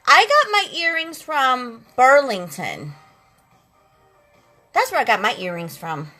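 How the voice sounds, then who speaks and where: A talkative, sassy woman on a makeup live stream calls her viewers girls and honey. Her voice sits high, sing-song, slow, pushed and bright, on a rough recording with faint eighties instrumental music behind.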